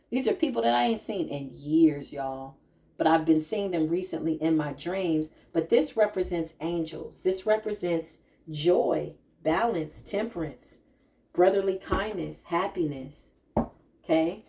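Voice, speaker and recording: A woman giving a casual spiritual tarot reading to her viewers, chatty and animated, often laughing and calling them y'all. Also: on the low side.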